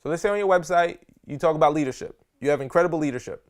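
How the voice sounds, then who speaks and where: A man teaching a live seminar on public speaking, energetic and slangy, often checking in with his audience. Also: on the high side, racing. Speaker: speaker coach.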